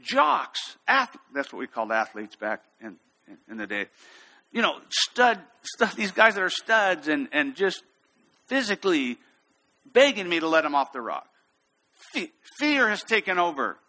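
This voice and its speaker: Male pastor, storytelling sermon, slightly high, bright-toned. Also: unhurried. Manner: storytelling, animated, acts out quotes.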